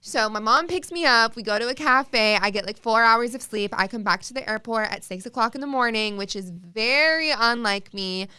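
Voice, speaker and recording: A woman's voice: a little high, normal speed, few pauses, pushed and bright, clean tone. A young woman from the Chicago area hosting a podcast, telling a story in casual, chatty talk full of "like" and swearing. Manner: chatty, swears freely, heavy use of "like". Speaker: podcast host.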